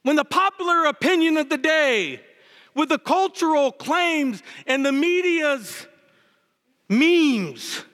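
A man preaching a sermon as pastor, with impassioned delivery that swings between fervent highs and low, emphatic lines. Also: sharp tone. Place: church sanctuary. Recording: long reverb of a church hall. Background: hall reverb.

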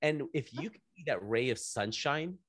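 Animated man, restarting and repeating words. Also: mid-range voice, moderate pace, breathy edge, no room sound, studio quality. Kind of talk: casual conversational interview.

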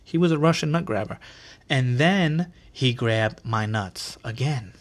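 A man hosting a podcast, telling stories in a casual, animated and profane way full of slang. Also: mid-range voice, measured pace. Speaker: podcast host. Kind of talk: casual storytelling.

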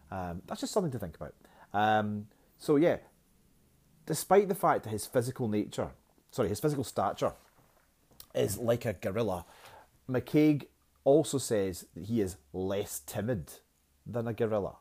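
A man talks through a poem like a teacher in a lesson, chatty and joking at his own slips. His voice sits low and sounds mellow and relaxed. He fills gaps with "um" and talks on easily. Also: normal speed, long pauses, slightly rough. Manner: chatty and self-mocking, with fillers. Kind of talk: poetry lesson.

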